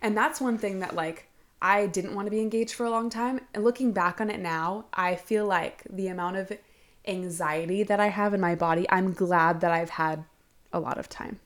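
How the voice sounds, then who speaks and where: A young woman in casual podcast chat, talking fast and loose with lots of "like" and the odd swear. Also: medium pitch. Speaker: podcast co-host.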